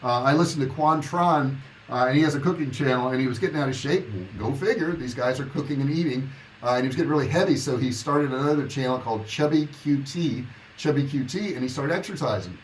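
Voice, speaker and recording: A man's voice: mid-range voice, fast, a little hiss or hum, low-quality recording. Blunt motivational man in his sixties. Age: 60s. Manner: blunt, motivational, reads viewer comments aloud. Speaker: online business coach. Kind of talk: casual livestream chat.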